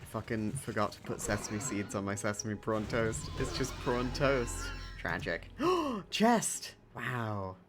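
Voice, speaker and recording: Playful streamer with a lively voice. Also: mid-range voice, slow, few pauses. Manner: playful, chatty, laughs often. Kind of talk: casual chat while gaming. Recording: background music.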